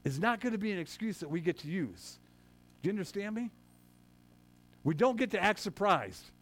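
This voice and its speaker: Animated man preaching a sermon. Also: sits high, moderate pace. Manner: animated preaching, swings loud and soft, self-correcting asides. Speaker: pastor.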